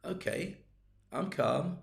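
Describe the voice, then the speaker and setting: A man's voice: sits high, lively intonation, fairly quick, a little mellow, pitched above the performer's own voice. A man voicing a fussy, complaining male holiday-rental guest who whines in indignant questions, in a roomy echo.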